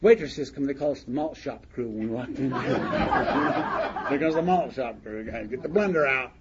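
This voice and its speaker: A man's voice: mid-range voice, normal speed, a loud crowd. An older man sharing a humorous story of his own at a recovery meeting, in a folksy manner and laughing along with his own words. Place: meeting hall. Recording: dull lo-fi recording with faint hiss.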